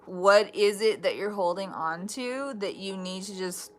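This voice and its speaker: A woman reading tarot live in a casual, chatty way, blunt and quick to swear. She restarts her thoughts and laughs between them, her voice sitting in a middle range. A faint hiss runs under the recording. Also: mid-range voice. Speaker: tarot reader.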